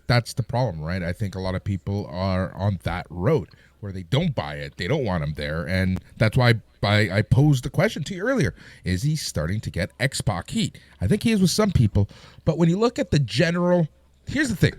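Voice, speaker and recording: Lively man co-hosting a podcast. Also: lowish voice, normal speed, no echo. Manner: lively, joking, moves the show along. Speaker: wrestling podcast co-host. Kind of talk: casual chat.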